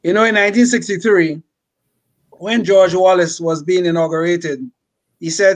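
An older man speaks as a panelist on a casual podcast. His voice sits notably high for a man. He talks emphatically and preachily, and he often tags his points with "okay?". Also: steady tone, normal speed.

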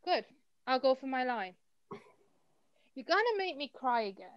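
A woman's voice: sits high, expressive, moderate pace, clean tone, dry recording. A woman playing a blunt, no-nonsense young woman in an online student drama. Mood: firm. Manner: firm, scolding. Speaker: student actor. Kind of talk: online amateur drama over video call. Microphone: video call. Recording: dry lo-fi video call audio.

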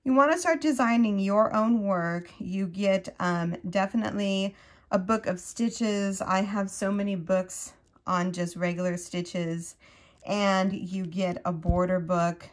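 Unhurried, gushing woman crochet vlogger, casual unboxing talk that keeps breaking off mid-thought. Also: medium pitch. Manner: gushing, excitable, gasps and trails off mid-sentence. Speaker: crochet channel host.

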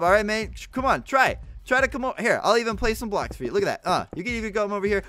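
A young man giving casual gameplay commentary as a gaming YouTuber, excitable, saying like and bro a lot, and jumping into high yelps when things go wrong. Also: fast, few pauses, dry recording.

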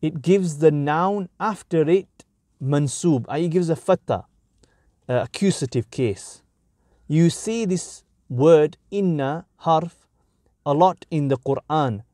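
Man, grammar teacher, slow measured delivery, short careful phrases, dry close sound. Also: a little high, warm tone, no echo. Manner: slow, deliberate, breaks sentences into short phrases. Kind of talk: explanatory grammar lesson.

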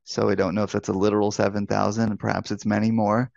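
Man, pastor, gravelly voice, conversational teaching, rhetorical questions, dry muffled recording. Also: on the low side, level tone, fast talker, a little mellow, no room sound. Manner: conversational, restarts phrases, asks rhetorical questions. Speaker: pastor and life coach. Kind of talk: live online Bible teaching.

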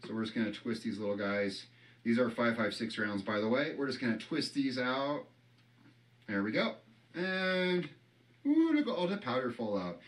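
A man's voice: mid-range voice, far from the mic. Joking man talking through a craft project. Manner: rambling, joking, swears casually. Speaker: channel host. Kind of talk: casual how-to vlog chat.

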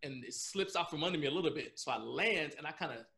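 A man's voice: fairly high pitch, lively intonation, fast talker, vocal fry, bright, forceful tone. A man being interviewed on a podcast, telling a story in a loose, rambling way and laughing often as he goes. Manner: loose, rambling with frequent restarts and fillers. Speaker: podcast guest.

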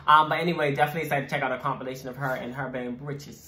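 A man's voice: mid-range voice, steady tone, very fast, pushed and bright, reverberant. A man co-hosting a video reaction channel, chatting casually with many ums. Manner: laid-back, many ums. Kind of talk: casual chat.

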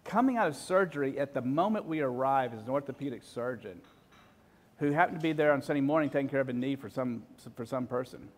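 A man in his forties telling a personal story in an emotional, halting way, full of restarts. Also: mid-range voice, expressive.

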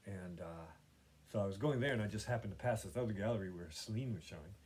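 A man's voice: lowish voice, fast talker, a little mellow, a little hiss or hum. A man hosting his own podcast, chatting casually about painting and gallery visits in a meandering way, full of fillers and restarts. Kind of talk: casual rambling chat.

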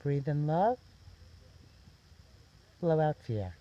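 A man leading a guided meditation, giving soft, gentle step-by-step instructions. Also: on the high side, big pitch swings, very slow, lo-fi sound. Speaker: meditation teacher.

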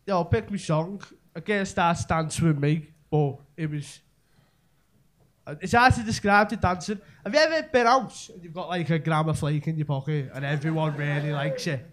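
Speaking at a moderate pace in a voice on the high side, this young Scouser from Merseyside, England, delivers a meandering, slang-heavy stand-up routine. The live club recording picks up crowd laughter behind him.

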